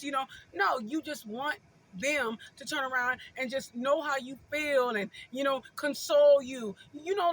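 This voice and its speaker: A woman talking straight to her viewers in a casual advice vlog, with a high, bright voice. She hammers each point home, repeating short phrases over and over. Her tone is informal and conversational throughout. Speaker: vlogger giving relationship advice.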